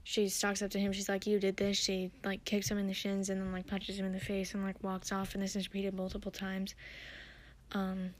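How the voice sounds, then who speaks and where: A woman's voice: medium pitch, monotone, brisk. A woman hosting her own podcast, recapping a TV episode in a chatty, rambling way with many fillers and restarts. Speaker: podcast host.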